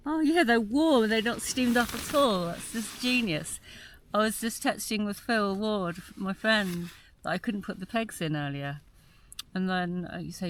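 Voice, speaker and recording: A woman's voice: mid-range voice, measured pace, a little hiss or hum. A woman vlogging from inside a small tent in winter, chatting aloud to the camera and musing as she goes. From South East London. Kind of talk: casual solo camping vlog.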